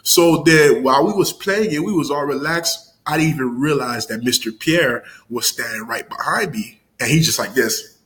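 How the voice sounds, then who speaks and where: A man's voice: moderate pace, low-quality recording. A young man telling a story from his school days to his viewers, rambling and full of fillers, slang and restarts, his voice jumping up when he acts out the scenes. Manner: animated, jumps high when acting out scenes. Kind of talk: casual storytime vlog.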